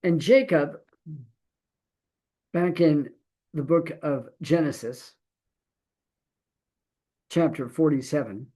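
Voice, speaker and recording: A middle-aged man giving a Torah teaching as a sermon, animated and acting out quoted voices. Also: a little high, takes it slowly, pauses often.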